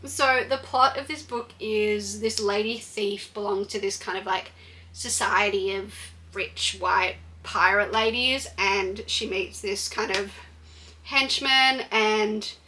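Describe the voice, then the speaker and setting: A woman's voice: medium pitch, steady tone, takes it slowly, sharp tone, a little hiss or hum. A woman giving a blunt, chatty book review with frequent fillers and restarts. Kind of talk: casual book review vlog.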